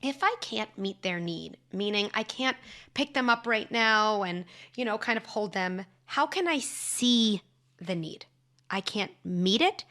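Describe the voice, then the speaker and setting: A woman hosting an advice podcast on parenting, speaking in a calm, measured and reassuring way as she talks through reframes. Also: medium pitch. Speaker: podcast host, parenting advisor.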